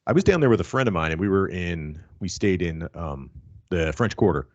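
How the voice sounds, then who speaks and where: A man with a low-pitched, animated voice hosts a casual wrestling podcast, telling stories briskly amid plenty of swearing and laughter. The lo-fi recording has no echo.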